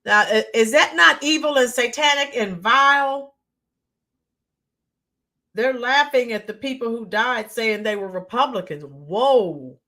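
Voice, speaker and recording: A woman's voice: a little high, bright, forceful tone. Chatty woman hosting a livestream. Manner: talks to viewers by name, halting with many ums. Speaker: livestream host reading chat. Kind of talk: casual livestream commentary.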